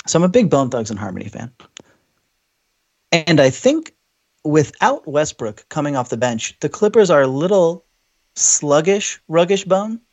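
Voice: mid-range voice, a little mellow, highs cut off. A podcast co-host chatting casually about basketball with playful, joking asides. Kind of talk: casual sports podcast chat.

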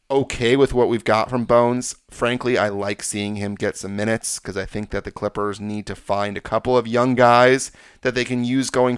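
A man's voice: fairly low pitch, a bit bright, no echo, clean studio sound. A man hosting a sports podcast, confidently breaking down games and stats in casual talk. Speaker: podcast host.

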